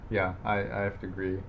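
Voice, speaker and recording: A man's voice: on the low side, gravelly, highs cut off, noisy background. A young man co-hosting a podcast in casual chat, rambling with lots of fillers and self-deprecating asides. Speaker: podcast co-host.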